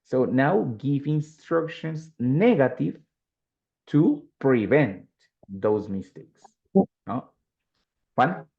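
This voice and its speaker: Brief: patient male English teacher, Colombian Spanish accent, gravelly low voice, dull lo-fi audio. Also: expressive, a little mellow. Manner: patient, explains slowly, mixes in Spanish. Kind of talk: online English class.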